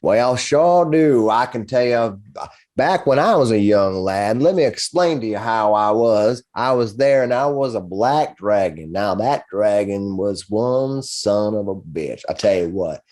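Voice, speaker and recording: A man voicing a rambling old male tavern storyteller with a slow drawling voice. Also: on the low side, lively intonation, a little mellow. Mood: boastful.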